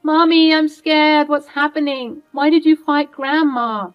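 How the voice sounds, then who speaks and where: A woman's voice: high-pitched, steady tone, a little slow, dull audio, faint music behind, voice pushed up. Woman voicing a scared little boy. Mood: frightened. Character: scared five-year-old boy.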